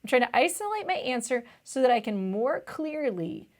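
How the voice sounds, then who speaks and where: A woman's voice: sits high, sing-song, moderate pace. A young woman tutor explaining test questions in a chatty, casual way, often saying "vibe" and "like".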